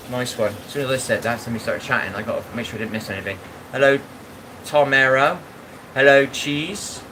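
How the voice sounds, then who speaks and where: A man's voice: medium pitch, brisk, pushed and bright. Guy rambling to his stream chat at the sink, blunt and chatty, noisy background. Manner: chatty, blunt, keeps asking "you know what I mean?". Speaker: live streamer. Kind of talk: casual live-stream chat.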